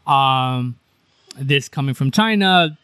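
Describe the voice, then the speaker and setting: A man's voice: medium pitch, lively intonation, slow, sharp tone, clean tone, dry recording, clean studio sound. A man co-hosting a casual news podcast, chatty and joking, with lots of fillers. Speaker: podcast co-host.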